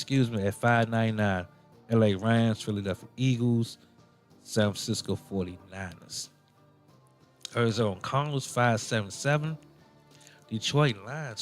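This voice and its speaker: A man hosting a casual sports radio show, rambling and playful, with many ums and self-corrections. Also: medium pitch.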